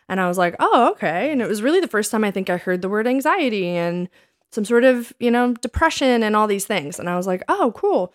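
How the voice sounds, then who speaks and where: A woman in her thirties co-hosts a relaxed chat, recounting old dates with lively, animated delivery. She slips into the voices of the people in her stories as she goes. Her voice sits at an ordinary, middle pitch. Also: fast talker. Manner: animated storytelling, acts out quoted lines. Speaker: podcast co-host. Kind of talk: casual chat.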